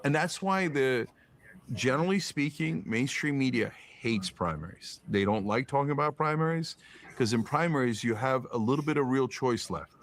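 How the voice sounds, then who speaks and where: A man's voice: mid-range voice, animated, normal speed. Emphatic, profane man ranting politics. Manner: emphatic, profane, rhetorical questions, mocking put-on quotes. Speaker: podcast guest. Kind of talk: political commentary in conversation.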